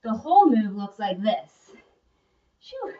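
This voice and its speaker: A woman's voice: fairly high pitch, normal speed, recorded from a distance. A young adult woman giving a workout lesson in a chatty, encouraging way. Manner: chatty, encouraging, breaks off with laughs. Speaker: fitness instructor. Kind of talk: workout instruction video. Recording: muffled, from away from the mic.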